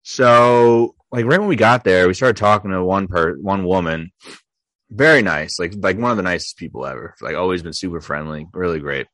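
Low-voiced man telling a story. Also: normal speed, fairly bright tone, dry recording. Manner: storytelling with many filler likes. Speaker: podcast co-host. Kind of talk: casual podcast chat.

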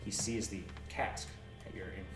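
A man narrating a tabletop game as game master, animated, stumbling over words and laughing. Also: low voice, normal speed, echoey room, distant mic, over music.

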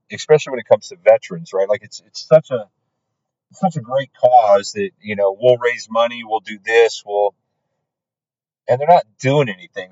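A man speaking at a middle pitch, telling his own story as a podcast host. He sounds earnest and halting, and often restarts his sentences. The audio is dry and a little dull. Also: a little mellow, no room sound.

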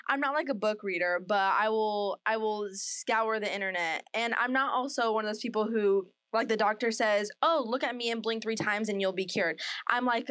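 A woman's voice: on the high side, normal speed, a bit bright, no echo. A woman co-hosting a casual podcast, rambling with many fillers and laughing often as she gets emotional. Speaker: podcast co-host. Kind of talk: casual chat.

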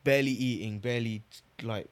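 A man's voice: medium pitch, steady tone, a little fast. A young man, chatting casually as a podcast co-host, telling stories in a loose, rambling way. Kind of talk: casual chat.

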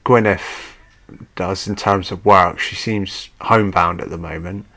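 A man's voice: low voice, fairly even intonation, a little slow, fairly bright tone. A man giving a crude, joking, off-the-cuff film commentary at home. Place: at home with a dog.

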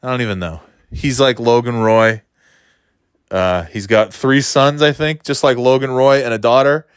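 A man's voice: fairly low pitch, clean tone, no room sound, clean studio sound. A man chatting casually on his own, rambling and wry, with a candid, offhand way of talking. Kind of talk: casual solo chat.

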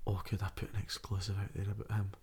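A man's voice: lowish voice, monotone, quick pace, a little mellow, slightly rough. A young Scottish man hosting a podcast, chatting casually with a friend in sweary, laughing banter. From Scotland. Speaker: podcast host. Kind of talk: casual chat.

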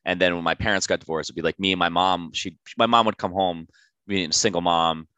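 Young man, very deep voice, rambling chatty co-host, dry close recording. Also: fairly even intonation, fairly quick, sharp tone, clean tone, no echo, dull audio. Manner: rambling, lots of fillers and acted-out quotes. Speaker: podcast co-host. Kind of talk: casual chat.

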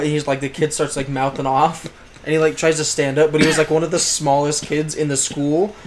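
A young man co-hosting a podcast, telling a high school story in rambling casual chat full of fillers and swearing. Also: level tone, brisk, a little hiss or hum. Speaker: podcast co-host.

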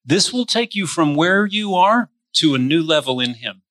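A man's voice: a little high, expressive, normal speed, fairly bright tone, no room sound. A man preaching a sermon as pastor. He speaks straight to his listeners and stretches his stressed words. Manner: addresses listeners directly.

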